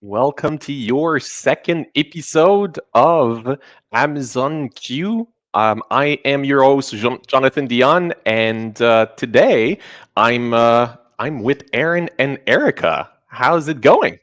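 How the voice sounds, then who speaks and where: Host with a Quebec French accent, lively pitch, easygoing and giggly. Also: male voice, slow pace. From Canada. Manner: chatty, laughing, with fillers. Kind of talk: casual livestream chat.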